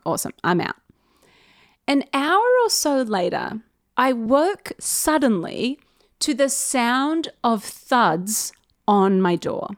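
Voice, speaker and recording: A woman's voice: a little high, no room sound, studio quality. A young woman telling a personal story in a casual, chatty way, often laughing as she goes.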